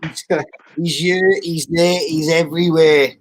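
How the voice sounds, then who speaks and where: A man's voice: on the high side, steady tone, moderate pace, noisy background. A man in casual chat on a video call, joking around and trying out silly accents. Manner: jokey, tries silly accents. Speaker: guest.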